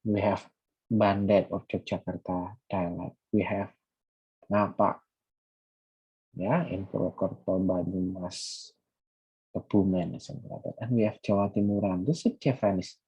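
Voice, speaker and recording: A man's voice: low-pitched, warm tone, husky, muffled recording. A man with an Indonesian accent giving a lecture, mixing English with Indonesian and often saying "ya" and "nah". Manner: switches between English and Indonesian, frequent "ya" and "nah" fillers. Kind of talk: recorded lecture.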